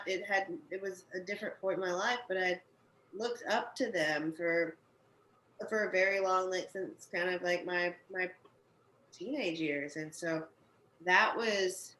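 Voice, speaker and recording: Frank low-voiced woman, swearing freely. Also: sharp tone. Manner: frank and profane, emphatic, builds to rapid runs. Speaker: podcast guest. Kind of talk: candid conversational podcast talk. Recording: roomy with faint background noise.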